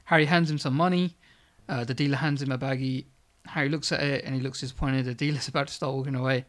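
A man reading his comedy script aloud in a low, hesitant voice with many fillers, then chatting about it. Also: steady tone, fast talker.

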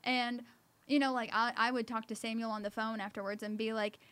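A woman's voice: fairly high pitch, level tone, a little fast, fairly bright tone, dry recording. A young woman hosting a casual chat, rambling with many fillers and laughing often. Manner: rambling, heavy use of fillers.

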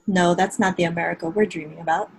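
A woman's voice: fairly low pitch, steady tone, fast talker, vocal fry, slightly rough, poor audio. A woman giving a declamatory, challenging dramatic reading during a worship service.

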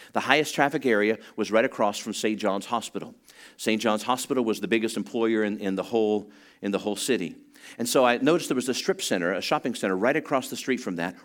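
A middle-aged man preaching a sermon, telling stories with frequent restarts and building to excited, louder passages. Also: lowish voice. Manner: storytelling with rising excitement, many restarts. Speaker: pastor.

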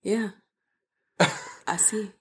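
Animated woman telling a story. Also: mid-range voice, very slow, slightly rough. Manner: animated storyteller, acts out quotes. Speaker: wife co-host. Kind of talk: casual storytelling chat.

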